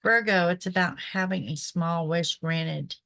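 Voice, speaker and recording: Low-voiced woman reading horoscopes. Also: unhurried, vocal fry, a bit bright, no echo. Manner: chatty, reassuring, adds "okay?" often. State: throat irritated by pollen. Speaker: psychic reader, show host. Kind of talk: casual spoken horoscope reading.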